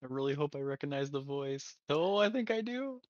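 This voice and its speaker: Lively man with dull dry sound. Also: a little high, fairly quick, no echo. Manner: laughing, excitable. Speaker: player. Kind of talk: tabletop game chat.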